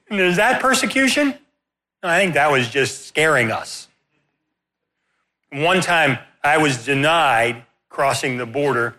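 A man preaching in a sermon, telling a story in an animated, self-deprecating way. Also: a little high, moderate pace.

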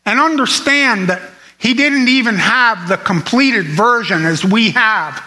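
Male preacher, slow deliberate sermon delivery, bright tone, emphatic repetition. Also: high voice, low-quality recording. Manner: earnest, emphatic, repeats phrases for stress.

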